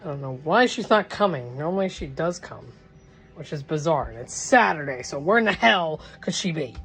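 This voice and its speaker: A woman's voice: low voice, lively intonation, normal speed, fairly bright tone, rough recording. A woman chatting casually on a home livestream, rambling with exasperated asides.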